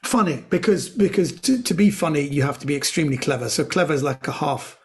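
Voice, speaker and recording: Middle-aged man telling jokes, slightly high. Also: fast talker, slight background noise. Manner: animated joke-telling, slips into voices for characters. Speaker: comedian guest. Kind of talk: casual storytelling chat.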